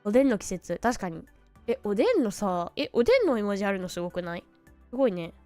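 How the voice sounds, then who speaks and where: Chatty young woman streamer, smooth voice. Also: medium pitch, animated, very fast, warm tone, no echo, soft background music. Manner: rambling storytelling with laughs and quoted voices. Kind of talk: casual chat stream.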